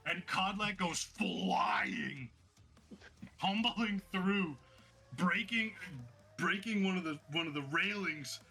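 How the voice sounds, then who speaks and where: A man narrating a tabletop game as game master, excitable and vivid, like play-by-play. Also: sits high, takes it slowly, creaky.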